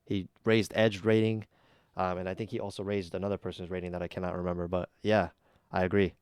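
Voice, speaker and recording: A man's voice: deep voice, little pitch movement, fast, a little mellow, clear, resonant tone, no room sound, studio quality. A man hosting a casual reaction video, giving blunt, chatty opinions with plenty of ums and uhs. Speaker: YouTube reaction host.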